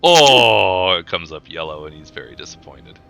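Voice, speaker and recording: A man's voice: low-pitched, big pitch swings, moderate pace, gravelly, bright, forceful tone, soft background music. A man running a tabletop game as game master, narrating casually with lots of fillers.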